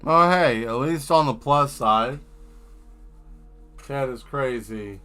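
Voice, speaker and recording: A man's voice: medium pitch, slow, bright, forceful tone, faint music behind. A man chatting casually on a live stream while he draws, rambling and riffing on jokes. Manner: rambling, joking riffs. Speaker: streaming artist.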